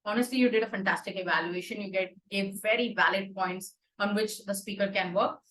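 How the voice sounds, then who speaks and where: A woman with an Indian English accent hosting an online club meeting and giving warm, expressive feedback. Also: medium pitch, a little fast, roomy sound, slight background noise, rough recording. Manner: warm, expressive, praising then suggesting. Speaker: meeting host, Toastmaster of the day.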